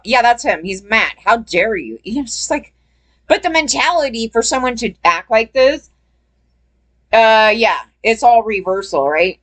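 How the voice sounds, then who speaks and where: A woman's voice: medium pitch, a bit bright. A woman hosting a casual commentary channel, talking bluntly and chattily to her viewers with plenty of fillers and some swearing.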